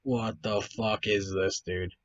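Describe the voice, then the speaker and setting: A man with a fairly low, fairly even voice takes his time in a dry, dull lo-fi recording. As host of a video reacting to photos, he sounds tired, rambles, swears, and laughs a lot during casual commentary.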